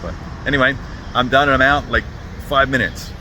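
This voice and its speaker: A man vlogging in a relaxed, easygoing way, recording outdoors on a city street. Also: medium pitch, brisk. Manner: easygoing, laughs at himself. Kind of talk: casual vlog chat. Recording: loud street and traffic noise.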